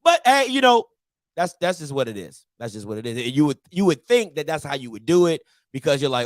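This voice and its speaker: A man's voice: on the high side, big pitch swings, a little fast, dry recording. A male show host ranting animatedly in a casual morning-show talk, repeating his points and mocking others in put-on voices.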